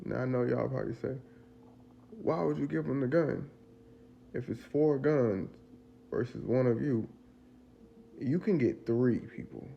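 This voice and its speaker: A man from Virginia telling his survival story in an interview, casual and animated, acting out the dialogue and repeating phrases for emphasis. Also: medium pitch, a little slow, gravelly, long pauses, lo-fi sound. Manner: animated, acts out the dialogue and sounds.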